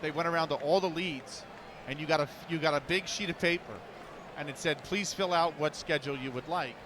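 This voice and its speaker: A man's voice: a little high, brisk, noisy background. A man, an esports commentator, telling a long story casually on a live stream, rambling and restarting as he quotes others.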